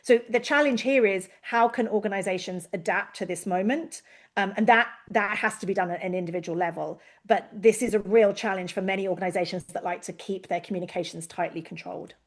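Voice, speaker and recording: A woman giving an expert presentation on a video call, lively and given to acting out quoted voices. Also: brisk. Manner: lively, acts out quoted voices with big pitch jumps. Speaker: invited expert speaker. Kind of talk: online presentation to a learning session.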